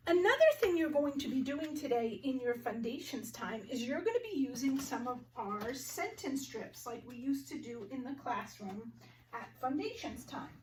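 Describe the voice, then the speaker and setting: A woman teaching a phonics lesson to young children, slowly sounding out each word with clear articulation. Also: fairly high pitch, darkish tone, recorded from a distance.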